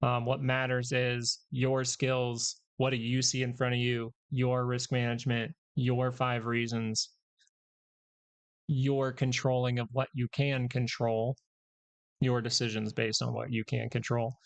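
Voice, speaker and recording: A man with a gravelly, creaky voice hosts a live market stream at a middle pitch. He rambles casually, corrects himself as he goes and jokes with his chat. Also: completely flat delivery, unhurried.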